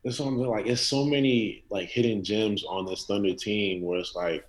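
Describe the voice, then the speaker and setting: Guest dude on a sports podcast, lowish voice, slangy and rambling. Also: male voice, steady tone, moderate pace, low-quality recording. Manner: loose, slangy, rambling storytelling. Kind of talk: casual sports podcast chat.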